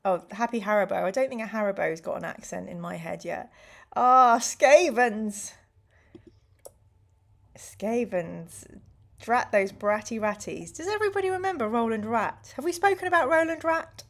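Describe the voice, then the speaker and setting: A woman's voice: medium pitch, animated, brisk, creaky. A woman hosting a live stream, reading a gamebook aloud to her chat in a playful, exclamatory way.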